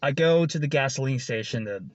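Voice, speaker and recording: A man's voice: mid-range voice, brisk, no room sound. A man who works as a food delivery driver telling a story in a casual, rambling way, swearing often and chuckling between lines. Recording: dull lo-fi recording.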